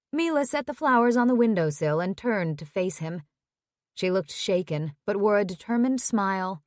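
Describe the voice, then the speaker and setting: A woman narrating a romance audiobook in a measured, even reading. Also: medium pitch, dry recording, studio quality.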